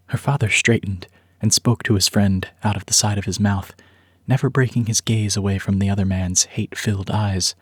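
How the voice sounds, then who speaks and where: A man narrating a story script in a measured, even storytelling manner. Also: lowish voice, husky, no echo, studio quality.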